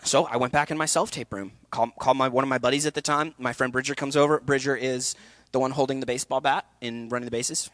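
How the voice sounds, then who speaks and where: A young man speaking candidly at a festival talk, telling a personal story with energy and quick asides. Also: medium pitch, no echo. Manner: energetic, candid storytelling with laughs and acted quotes. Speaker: actor and speaker. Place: event hall.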